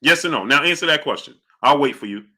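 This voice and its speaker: Fast and lively in his intonation, this man hosts a live boxing chat, reading super chats and picking fights with viewers. He repeatedly insists on yes-or-no answers, dropping his voice low and quiet to greet people in chat.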